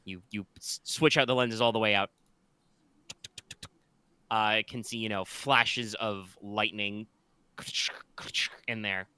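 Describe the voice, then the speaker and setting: A man's voice: on the low side, steady tone, slow, long pauses, bright, forceful tone, smooth, no room sound. A man running a tabletop game as game master, rambling a little with fillers and restarts as he describes the scene.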